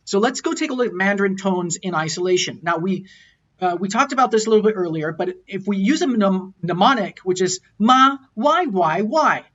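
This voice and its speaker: A man's voice: high voice, fairly bright tone, lo-fi sound, a little hiss or hum. A man teaching a recorded lecture, explaining and repeating words as he models tones aloud. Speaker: language teacher.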